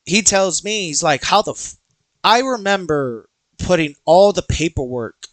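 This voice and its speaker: A man's voice: high voice, unhurried, no echo. A young man hosting a podcast, telling a personal story casually, acting out quoted voices and swearing freely. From Texas. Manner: animated, acts out quoted dialogue, swears freely. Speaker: podcast host.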